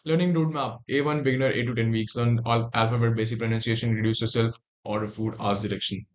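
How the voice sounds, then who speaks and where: A man's voice: mid-range voice, fairly even intonation, fast, hardly any pauses. A young man with an Indian English accent on a casual livestream, reading text aloud and breaking off into muttered asides and restarts.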